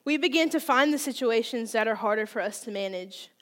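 A woman in her twenties preaches in a candid, conversational way, joking at her own expense as she talks through personal struggles. Her voice sits a little on the high side. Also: expressive, brisk. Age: 20s. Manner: candid, self-deprecating, conversational. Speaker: youth speaker. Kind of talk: sermon.

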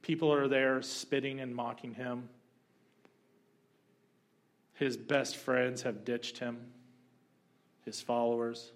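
A male pastor delivering a sermon in a relaxed, conversational way and telling stories with lively energy. His voice sits at a medium pitch, and he talks to his listeners as if in plain everyday speech. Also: slow pace, long pauses. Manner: conversational, animated storytelling.

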